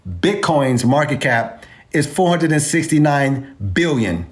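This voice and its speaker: Guy going off about markets, high voice bouncing all over, streetwise slang. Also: a little slow. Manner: animated, emphatic, streetwise slang. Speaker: crypto video host. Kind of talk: energetic market commentary.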